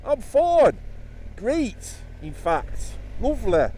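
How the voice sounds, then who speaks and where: A man's voice: sing-song, takes it slowly, full character voice. Man doing a sing-song East Midlands Robin Hood. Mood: cheery. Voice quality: high, loud, sing-song. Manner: calls everyone duck, matey. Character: cheery chatty Robin Hood, adult man.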